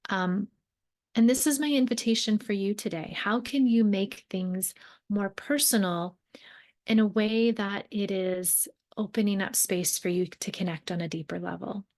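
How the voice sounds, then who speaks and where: Unhurried and a little mellow, a young adult woman's medium-pitched voice holds a steady tone on her reflective solo podcast, where she acts as host and mentor. Her talk is earnest and chatty, full of fillers and self-corrections.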